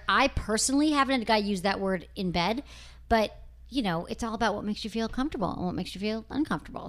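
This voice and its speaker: A woman hosting a sex advice podcast, talking frankly and casually, reading listener emails with quick asides and laughs. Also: medium pitch, fairly bright tone. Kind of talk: casual chat.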